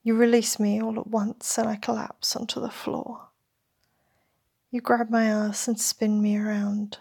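A woman reads a first-person story as a whispered role-play, her voice breathy and edged with gravel. She speaks slowly, in a fairly high and flat tone. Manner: slow, intimate first-person narration.

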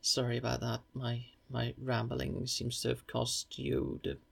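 A man's voice: mid-range voice, monotone, unhurried, gravelly, fairly bright tone. A young man in an intimate audio role-play who speaks straight to the listener, playful and rambling, often stammering and apologizing.

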